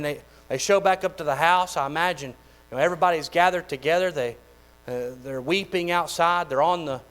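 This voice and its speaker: A man, preaching a sermon in a folksy, animated way with lots of repeated phrases. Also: a little high, low-quality recording. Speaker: pastor.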